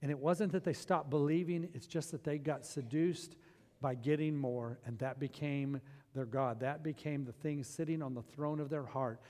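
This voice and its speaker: A man pastor preaching a sermon, animated, swinging from loud passages to hushed ones. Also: on the high side, normal speed, long reverb tail.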